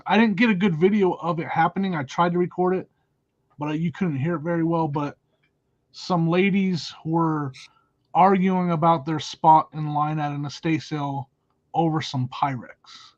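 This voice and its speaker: A man's voice: fairly high pitch, moderate pace. A man co-hosts a casual podcast chat in a slightly raised voice. He tells his stories with dry, self-deprecating humor. His audio comes through dull and lo-fi. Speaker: podcast co-host.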